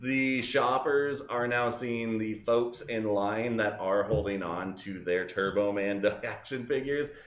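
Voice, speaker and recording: A man's voice: on the low side, slow, few pauses, roomy sound. A man running a tabletop game as game master, casual and joking, laughing often.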